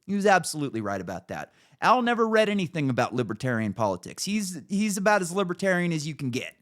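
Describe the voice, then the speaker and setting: A man talks on a podcast in loose, profane chat. His voice sits a little high and jumps around with lively swings of pitch. He leans hard on his points, heated and emphatic. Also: quick pace. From United States. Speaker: podcast host. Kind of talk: casual podcast rant.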